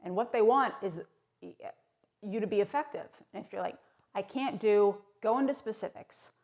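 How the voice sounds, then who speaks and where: A woman delivering tongue-in-cheek advice in a brisk, sardonic, mock-serious monologue. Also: mid-range voice, a little mellow. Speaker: comedic advice vlogger.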